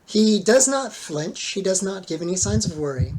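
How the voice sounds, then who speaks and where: A game master narrating a tabletop game in a relaxed way, with many fillers. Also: mid-range voice, normal speed, few pauses, background noise.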